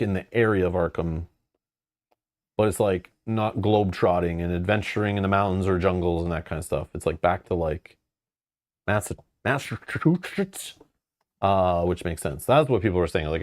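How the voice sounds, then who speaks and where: Low mellow-voiced man, host, reads campaign text then chats loosely. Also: moderate pace, dry recording, studio quality. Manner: casual, loose, many fillers. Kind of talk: reading and narrating a card game campaign.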